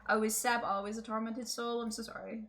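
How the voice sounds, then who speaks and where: A woman's voice: fairly high pitch, flat delivery, a little fast, background noise. A woman streaming a game, chatting casually and playfully, laughing often. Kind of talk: casual gaming stream chat.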